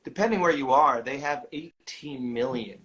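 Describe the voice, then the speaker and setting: A man co-hosting a podcast, talking in a relaxed, chatty way. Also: medium pitch, moderate pace. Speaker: podcast co-host. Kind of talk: casual chat.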